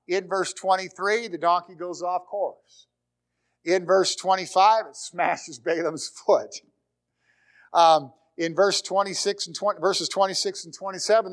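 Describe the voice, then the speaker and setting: A male pastor with a slightly higher voice preaches, reading scripture and then retelling it with animated, storytelling energy. He moves between reading and lively comment. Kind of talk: sermon.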